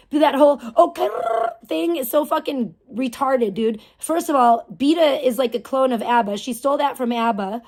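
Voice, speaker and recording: A woman's voice: high-pitched, a little mellow. A woman live streamer ranting angrily, profane and scornful, with a mocking edge.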